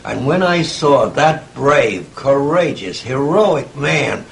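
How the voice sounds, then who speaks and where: A man in his eighties recalls old friends in a lively, rising-and-falling voice, rough with gravel. He talks reflectively, with chuckles and little asides. A faint hiss sits under the recording. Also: mid-range voice, slow pace, low-quality recording. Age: 80s. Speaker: interviewee, writer. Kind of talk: conversational interview, storytelling.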